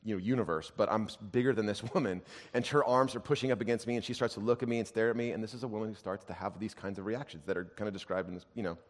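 A man preaching a sermon as a pastor, telling stories that swing between loud emphasis and hushed, quiet asides. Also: on the low side, steady tone, very fast, hardly any pauses. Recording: long hall reverb.

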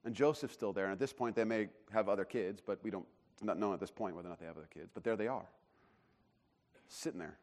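A man preaching a sermon in a conversational, animated way, acting out the voices of the people in the story. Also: fairly low pitch, fast. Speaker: pastor.

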